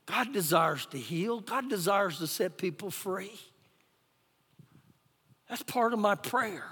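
High-voiced pastor preaching in a hall. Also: male voice, expressive, slow pace, slightly rough. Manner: emphatic preaching, rises loud then drops soft. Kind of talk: sermon. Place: church sanctuary. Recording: live church recording with long hall reverb.

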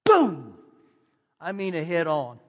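A middle-aged Texan pastor with a fairly high voice preaches in a folksy, animated way, doubling his phrases as he tells a story. His voice rings with a long reverb from a large church hall. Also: normal speed. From Texas. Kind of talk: storytelling sermon. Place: church sanctuary.

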